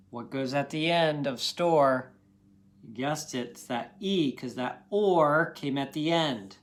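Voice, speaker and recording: A man's voice: on the high side, a bit bright. A man teaching a recorded phonics lesson to young students. He talks patiently and encouragingly and sounds out words part by part.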